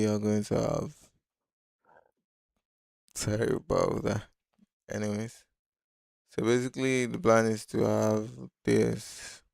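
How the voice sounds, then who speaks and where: A man's voice: fairly low pitch, vocal fry, a little mellow, no echo, studio quality. A man hosting a casual live-stream design tutorial, talking loosely and thinking aloud with many fillers. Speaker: design instructor.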